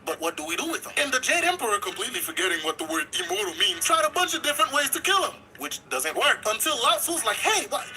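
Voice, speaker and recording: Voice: sits high, sing-song, quick pace, vocal fry, few pauses, bright, forceful tone, soft background music, low-quality recording. A channel narrator retelling an old myth as casual, slang-heavy comedy.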